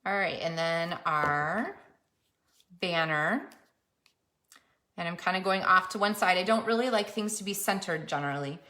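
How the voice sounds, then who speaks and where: Female crafter, lower-pitched, easygoing chatty tutorial narration. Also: unhurried, pauses often, bright, forceful tone. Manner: chatty, self-narrating while working. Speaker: papercraft demonstrator.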